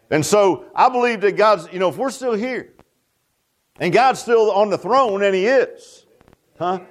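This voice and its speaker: An older man with a high voice preaches a fervent revival sermon as pastor. He's folksy and repetitive, often tossing "huh?" out to the congregation.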